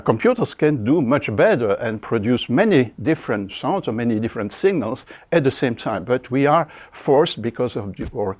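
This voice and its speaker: An older man with a French accent, a linguistics professor giving a university video lecture, speaking haltingly with many fillers and frequent throat clearing. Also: medium pitch. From France.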